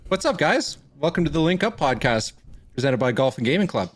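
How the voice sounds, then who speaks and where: A young man from Northern Ontario, Canada, hosts a casual podcast, sounding upbeat, laughing easily and repeating his catchphrases. His voice is on the high side and very animated.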